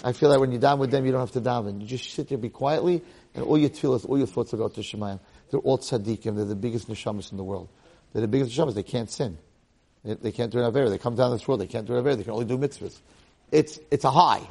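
Gravelly New rabbi in his sixties. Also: very fast. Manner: excitable, bursts up high and loud to stress a point, then drops low and soft. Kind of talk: casual Torah talk with personal stories.

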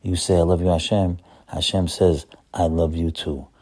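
A man's voice: deep voice, level tone, moderate pace, a little mellow. A man giving an earnest, coaxing Torah talk, often repeating his words. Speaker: religious teacher.

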